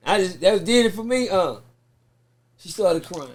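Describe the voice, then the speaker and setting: A man, telling a story in a sit-down interview. He talks in an animated, profane way and acts out the people he quotes. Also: high voice, measured pace, slight background noise. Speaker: guest.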